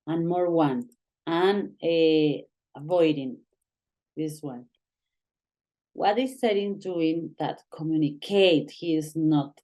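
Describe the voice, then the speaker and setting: Woman English teacher, low voice, slow and halting delivery, non-native speaker. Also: dark tone. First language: Spanish. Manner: slow, halting, reads exercise lines aloud. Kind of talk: online English grammar lesson.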